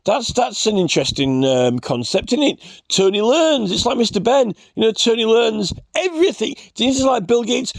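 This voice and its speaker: A man's voice: very high-pitched, big pitch swings, normal speed, gravelly, hardly any pauses, no room sound. A man in a rambling, scornful ranting commentary, full of fillers and restarts. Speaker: vlogger.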